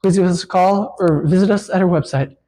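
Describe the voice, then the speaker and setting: A man's voice: high voice, a little fast, dark tone, poor audio. A physical therapist demonstrating a lift in a gym, explaining casually with many fillers and getting out of breath as he works. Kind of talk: instructional demonstration.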